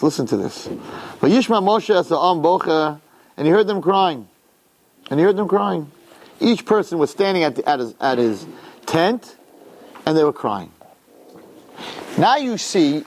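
A man teaching a Torah class, emphatic and animated, repeating words and firing off rhetorical questions. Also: sits high.

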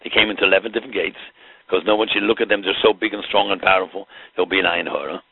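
A man's voice: low voice, fairly even intonation, very fast, creaky, slightly rough, no room sound. A man teaching a Torah lesson, telling the story with dramatic flair and Hebrew phrases. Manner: dramatic storytelling, acts out the scene. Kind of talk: Torah lecture mixing Hebrew and Yiddish terms. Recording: tinny phone-line audio.

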